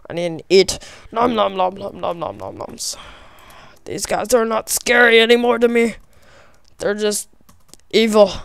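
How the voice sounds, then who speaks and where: A woman narrates her game in high, animated bursts, swearing and shrieking when panicked. She talks at an unhurried pace, and the sound is dry and close to the mic. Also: no echo. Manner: excitable, profane, shrieking in panic. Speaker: gamer. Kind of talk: let's play commentary.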